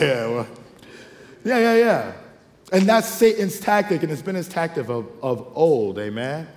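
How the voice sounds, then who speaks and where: A male pastor, preaching a lively sermon with call-and-response asides and acted-out quotes. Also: fairly high pitch, measured pace. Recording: long hall reverb.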